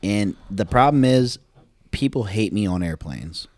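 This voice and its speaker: A man co-hosting a podcast, chiming in with quick, joking reactions in casual chat. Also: lowish voice, animated, a little mellow, no room sound. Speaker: podcast co-host.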